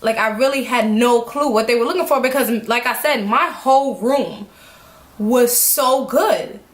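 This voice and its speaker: High-voiced young woman telling a story. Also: measured pace. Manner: animated, acts out quotes, laughs often. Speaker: vlogger. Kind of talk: casual storytelling. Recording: echoey room.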